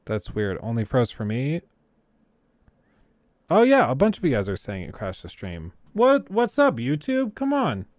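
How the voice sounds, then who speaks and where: A man's voice: medium pitch, wildly swooping pitch, unhurried, darkish tone, dry recording, clean studio sound. A man hosting a casual livestream, ranting bluntly and sarcastically to his chat. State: keeps choking on throat. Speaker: livestream host.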